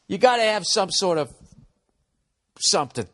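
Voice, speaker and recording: A man's voice: high voice, very animated, normal speed, pauses often, fairly bright tone. A middle-aged man hosting a podcast, giving blunt, profane, rambling advice in a casual comedic monologue.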